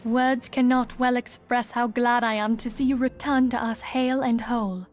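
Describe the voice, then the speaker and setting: A woman plays a gracious young leader in a game who greets allies with formal courtesy. Her voice sits on the higher side, polite and composed. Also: steady tone, normal speed, faint music behind, lightly acted. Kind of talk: game voice acting.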